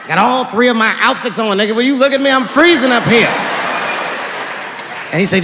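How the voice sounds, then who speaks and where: Animated gravelly male stand-up comic. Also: brisk, in a large hall, some chatter behind, a little hiss or hum. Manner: animated, swings pitch widely acting out family dialogue. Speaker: stand-up comedian. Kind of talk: stand-up storytelling.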